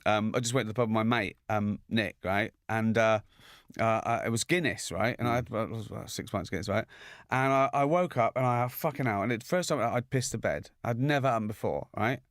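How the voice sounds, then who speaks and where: A man's voice: lowish voice, fairly quick, no echo, studio quality. A man hosting a comedy chat show, telling rambling stories full of swearing, restarts and laughter. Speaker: podcast host.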